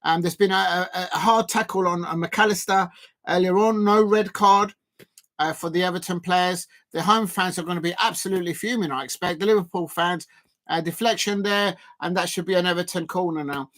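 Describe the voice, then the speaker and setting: A man's voice: high-pitched, brisk, a bit bright. A man hosting a live football watch-along, commenting in a rambling, hesitant way full of fillers.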